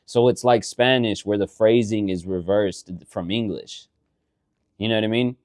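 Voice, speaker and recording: A man co-hosting a casual podcast, explaining things in a rambling, animated way and swearing often. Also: lowish voice, normal speed, no echo, studio quality. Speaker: podcast co-host. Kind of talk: casual chat.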